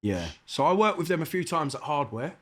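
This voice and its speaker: A middle-aged South London man, appearing as a guest MC in a relaxed interview, tells lively anecdotes full of swearing and acts out the dialogue. His voice sits on the high side and he talks briskly.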